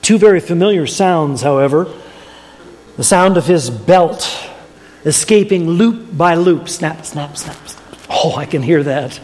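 A man's voice: fairly high pitch, expressive, measured pace, a little mellow. An older man preaching a sermon, telling a family story in a folksy way and chuckling at his own jokes. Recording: long hall reverb.

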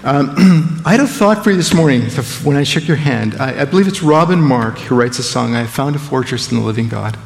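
Gravelly preacher in an echoing church. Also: male voice, medium pitch, expressive, a little fast, hardly any pauses. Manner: dramatic shifts between loud emphasis and hushed quotes. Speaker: guest preacher. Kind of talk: sermon and prayer. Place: church sanctuary.

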